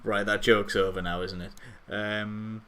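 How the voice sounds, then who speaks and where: A man's voice: lowish voice, level tone, measured pace, fairly bright tone. A man chatting casually on a live stream, rambling and mocking himself, often trailing off.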